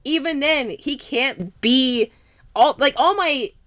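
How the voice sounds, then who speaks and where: Excitable woman co-host, slightly high voice, casual and profane. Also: slow pace. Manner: excitable, swears freely, laughs often. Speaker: podcast host. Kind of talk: casual chat.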